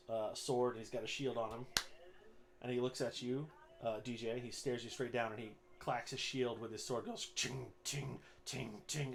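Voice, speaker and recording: A man's voice: mid-range voice, a little mellow, a little hiss or hum. A man narrating as game master of a tabletop game, laid-back with lots of ums and uhs.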